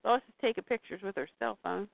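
A woman's voice: mid-range voice, fast, gravelly, dry recording. A woman host animatedly recapping a comic and reading parts aloud in a casual chat. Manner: animated, exclaims at scenes. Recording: dry, tinny phone-like sound.

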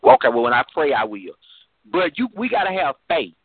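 A man's voice: mid-range voice, big pitch swings, a little fast, slight background noise. A man preaching fervently to a phone chat line, repeating and restarting his phrases, heard over a tinny phone connection. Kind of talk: informal preaching testimony.

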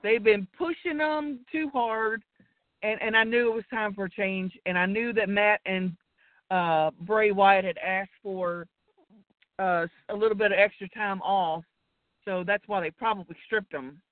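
A woman's voice: mid-range voice, unhurried, no room sound. A woman, ranting casually about wrestling, irritated and profane. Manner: irritated, profane, rambling rant. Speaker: co-host. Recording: tinny phone-line audio.

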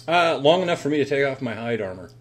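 A man talking as a player in a tabletop game, halting and lively. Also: mid-range voice, a crowd in the background. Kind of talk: casual chat at a game table.

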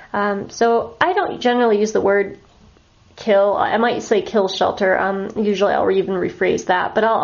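A woman leads a class in an earnest, instructive voice, pausing often to check that her listeners follow. Her voice sits at an ordinary pitch for a woman. The recording sounds a little muffled and dull. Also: a little mellow. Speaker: animal communication teacher. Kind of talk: online class lecture.

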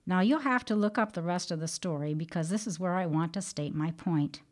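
A woman hosting a Christian teaching program, reading an earnest devotional talk and telling a story in a measured way. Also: on the low side.

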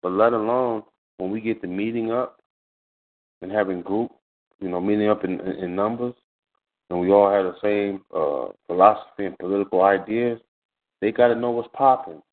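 Low-voiced man, measured, on a phone-like line. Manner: measured, many "you know" fillers. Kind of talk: casual radio talk.

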